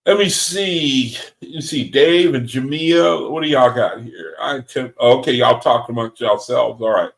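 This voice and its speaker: A man leading a Bible study group, reading scripture aloud and commenting on it in an excitable way, often laughing and calling the group brethren. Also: mid-range voice, unhurried, creaky, hardly any pauses, poor audio.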